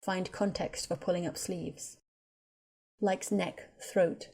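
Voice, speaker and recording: A woman narrating a story in an even, measured reading voice. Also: lowish voice, gravelly.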